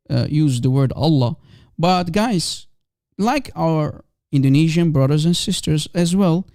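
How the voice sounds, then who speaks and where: Man, native Aramaic speaker, live stream host, emphatic and repetitive, raised pitch, dry close sound. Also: mellow, dry recording. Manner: emphatic, repeats rhetorical questions. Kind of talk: live call-in stream monologue.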